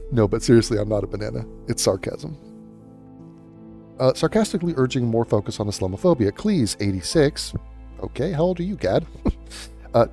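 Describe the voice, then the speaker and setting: A man's voice: medium pitch, darkish tone. A man giving profane reaction commentary in a sarcastic, scornful tone. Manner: sarcastic, scornful, swears a lot. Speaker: commentary YouTuber.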